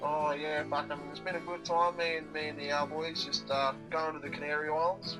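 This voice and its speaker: Randy cartoon creature voiced by a man, Australian accent, laid-back, rambling, high. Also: flat delivery, brisk, music in the background, natural voice. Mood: boastful. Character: randy male creature chasing hens.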